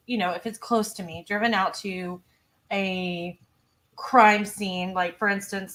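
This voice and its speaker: A woman's voice: medium pitch, pushed and bright. A woman hosting a true crime livestream, chatty and giggly, reading viewer comments aloud. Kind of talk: casual livestream chat.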